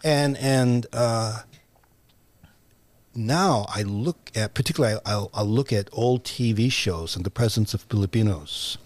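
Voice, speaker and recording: An older American man recalling his career in a podcast interview, pausing and restarting often. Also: on the low side, darkish tone, no echo. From United States. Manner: halting, many restarts and fillers. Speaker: guest, writer and actor. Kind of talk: reflective interview conversation.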